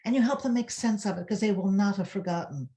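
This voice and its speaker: A woman's voice: medium pitch, fast, dark tone. Reassuring woman sharing an experience. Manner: earnest, recounts her own experience and reassures parents. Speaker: parenting educator on a webinar panel. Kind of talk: conversational webinar talk.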